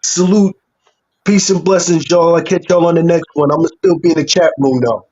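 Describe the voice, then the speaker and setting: Husky regular on the stream, chill slangy talk, dull muffled call audio. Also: male voice, on the high side, steady tone, moderate pace, darkish tone. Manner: easygoing, slangy. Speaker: regular guest on the show. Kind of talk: casual call-in chat.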